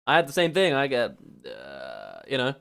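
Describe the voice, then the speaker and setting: A man's voice: medium pitch, huge pitch swings, normal speed, gravelly, a bit bright, clean tone. A young English man streaming as a VTuber, chatting casually and laughing as he reads quiz questions aloud. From England.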